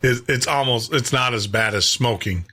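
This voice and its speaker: A man from Tennessee hosting a show, chatting casually with frequent pauses and restarts. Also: mid-range voice, sharp tone, husky. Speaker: radio show host. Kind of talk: casual chat.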